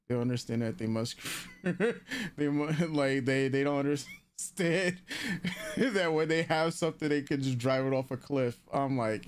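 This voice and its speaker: A man's voice: mid-range voice, moderate pace, clean tone. A man co-hosting a live anime commentary stream, rambling casually with lots of fillers and restarts.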